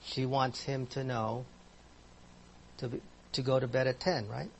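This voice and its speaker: A man's voice: medium pitch, flat delivery, unhurried, creaky. A man teaching a Bible class in a conversational way, asking his listeners questions as he explains verses.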